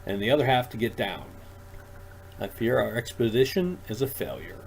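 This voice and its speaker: A man voicing a polite, patient adult male space traveler who speaks in a measured, courteous way. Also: medium pitch, very animated, creaky, a little hiss or hum, poor audio. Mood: weary. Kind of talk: audiobook character voice.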